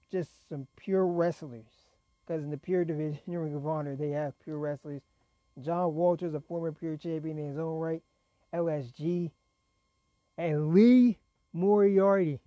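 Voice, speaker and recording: A man talks through wrestling results in a loose, rambling way, now and then laughing mid-sentence. His voice sits a bit high for a man but has a dark, mellow tone. He is fighting off a cough, and the close recording is dry. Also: no echo. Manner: chatty, rambling, laughs while talking. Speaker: wrestling show reviewer. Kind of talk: casual solo recap.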